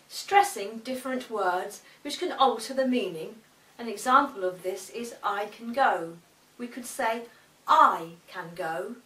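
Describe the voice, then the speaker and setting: A woman speech teacher giving a lesson, speaking slowly and enunciating every word with care. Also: fairly high pitch, a bit bright. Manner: slow, deliberate, carefully enunciated. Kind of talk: instructional demonstration. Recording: echoey room, mic far off.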